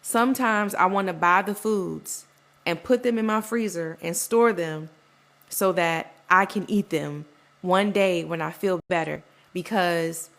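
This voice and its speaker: A woman's voice: on the low side, unhurried, gravelly, fairly bright tone. A young woman hosting a podcast, talking in a loose, rambling way with lots of "like" and "you know", acting out the voices of people she quotes. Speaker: podcast host. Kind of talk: casual personal monologue.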